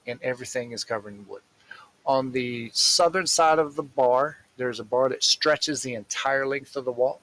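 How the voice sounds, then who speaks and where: A man narrating a tabletop role-playing game as game master, in a slow, rambling, casual way with fillers. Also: medium pitch, a bit bright, rough recording.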